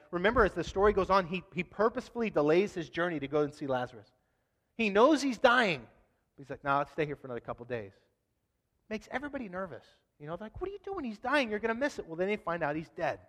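Guy preaching casual and funny, lots of asides, big echoey sanctuary sound. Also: on the high side. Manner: conversational, humorous, animated asides. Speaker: pastor. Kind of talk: sermon. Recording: long hall reverb.

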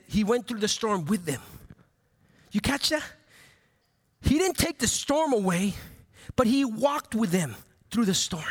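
A man preaching a sermon as pastor, animated, with many repeated phrases and call-and-response to the congregation. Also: very high-pitched. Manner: animated, playful asides to the congregation.

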